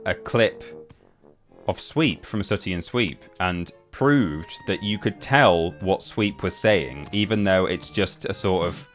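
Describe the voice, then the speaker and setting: A young man talks in a low voice, chatty and rambling, often breaking off and restarting his sentences. He is a streamer chatting with viewers while he plays. Gentle game music sits quietly underneath. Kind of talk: casual live-stream chat while gaming.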